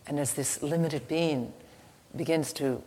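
A woman giving a slow, halting devotional teaching with a story, soft-spoken, recorded in an echoey hall with faint ambient noise. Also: sits low, steady tone. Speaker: spiritual teacher.

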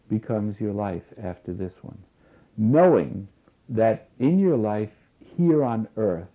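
A man giving a spiritual lecture in a slow, deliberate way, repeating key phrases for weight. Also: medium pitch. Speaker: spiritual teacher. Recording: tinny phone-like lo-fi recording.

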